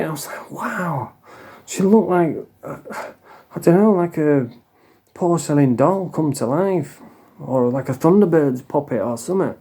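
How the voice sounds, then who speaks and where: A man's voice: on the high side, warm tone, husky. A middle-aged man with a Yorkshire accent, ranting bluntly and swearing freely in a monologue vlog. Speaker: vlogger.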